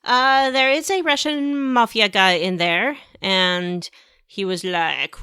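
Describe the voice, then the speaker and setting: Deadpan, teasing woman on a podcast. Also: medium pitch, slow, smooth, dry recording, clean studio sound. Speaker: podcast co-host. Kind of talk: casual chat about a video game.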